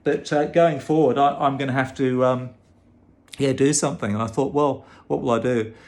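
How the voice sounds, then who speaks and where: A man's voice: mid-range voice, steady tone, moderate pace, a little mellow. A man with a British-sounding Australian accent, talking casually to camera in an exasperated, emphatic way with frequent restarts. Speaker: vlogger and advocate for infected blood victims.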